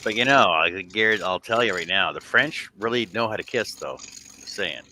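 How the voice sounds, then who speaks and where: Man, low voice, bright tone, lively pitch, joking livestream host, faint hiss. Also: moderate pace. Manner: laughs often, jokey. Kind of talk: casual chat reading viewer comments.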